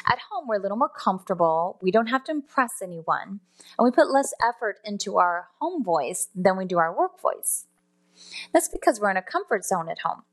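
A woman's voice: medium pitch, big pitch swings, moderate pace. A woman teaching customer service phone skills in a spoken lesson, explaining step by step and now and then correcting herself. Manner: explanatory, self-correcting, demonstrates tones aloud.

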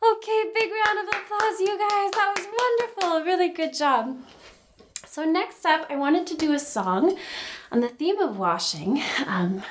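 A young Canadian woman leading a library class for toddlers and parents, singing and chatting in an animated sing-song way, a little out of breath. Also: sits high. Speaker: children's library class leader.

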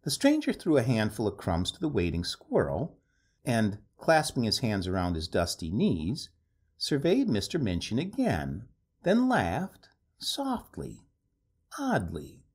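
A man narrating a story aloud in an expressive, animated reading style. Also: on the low side, measured pace, breathy edge.

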